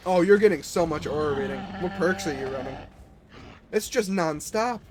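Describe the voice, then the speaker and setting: A man's voice: on the high side, animated, moderate pace, faint music behind. A man who is a little sick, chatting casually with viewers and players as he streams a game.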